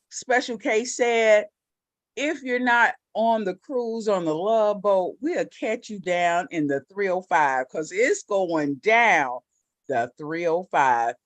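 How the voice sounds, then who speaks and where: A woman hosting a casual live-stream talk show, playful and sassy, joking with her co-hosts. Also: dry recording. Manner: playful, sassy, drops into a mock deep voice.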